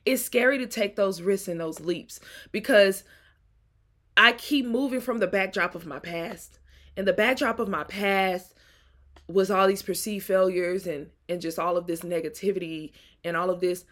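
Woman, 30s, podcast host, candid, preachy, bright. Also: mid-range voice, normal speed. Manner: candid, preachy, laughs often. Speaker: podcast host and singles coach. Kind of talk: reflective solo monologue.

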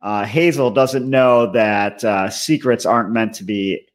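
A man's voice: fairly low pitch, steady tone, unhurried, a little hiss or hum. A man co-hosting a casual reality-TV recap podcast, moving the talk along and groaning at crude jokes. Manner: steers the show, mock-disapproving. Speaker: podcast co-host. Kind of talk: casual comedic chat.

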